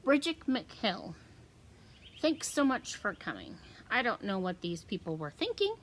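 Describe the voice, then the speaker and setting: A woman voicing a fond, talkative grandmother who speaks slowly and warmly affectionate. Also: mid-range voice, very animated, slight background noise. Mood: cordial.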